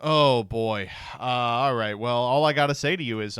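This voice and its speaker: A man's voice: mid-range voice, normal speed, fairly bright tone, smooth, no room sound, clean studio sound. A man streaming casual commentary, reacting to online posts with sarcastic remarks, frequent laughter and text read aloud.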